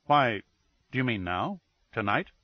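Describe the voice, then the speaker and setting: A man reading a brisk businesslike woman. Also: medium pitch, big pitch swings, no echo, muffled recording. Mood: matter-of-fact. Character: businesslike woman agency owner.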